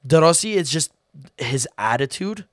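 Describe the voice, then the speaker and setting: A young man co-hosting a casual football podcast, talking in an animated, rambling way and swearing freely. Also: fairly high pitch, moderate pace, no room sound, clean studio sound. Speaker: podcast co-host.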